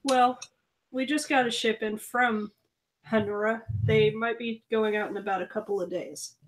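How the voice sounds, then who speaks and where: A woman's voice: a little high, steady tone, moderate pace, close to an everyday voice, low-quality recording. A woman voicing a male shipmaster in a tabletop game, in a plain matter-of-fact way. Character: male shipmaster answering questions. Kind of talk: tabletop game role-play.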